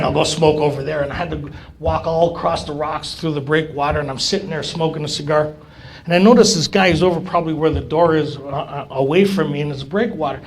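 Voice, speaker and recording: Gravelly man telling a recovery story. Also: on the high side. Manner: animated storyteller, acts out dialogue. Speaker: recovery meeting speaker. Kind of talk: storytelling talk to an audience.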